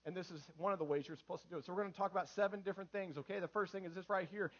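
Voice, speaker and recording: High-voiced man preaching a sermon. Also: rapid-fire, hardly any pauses, lo-fi sound. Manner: emphatic preaching with repetitions and swings from loud to hushed. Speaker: pastor. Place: church sanctuary.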